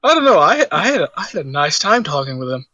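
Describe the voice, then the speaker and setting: A man playing a tabletop game, chatting casually with a giggly, halting way of talking. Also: a little high, big pitch swings, pushed and bright, muffled recording. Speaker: player.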